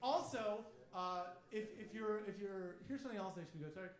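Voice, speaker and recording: A man with a high voice and a fairly quick delivery performs a stand-up set in a club. He's brash and swears freely, acting out the voices of the people he quotes, while the audience laughs in the echoey room.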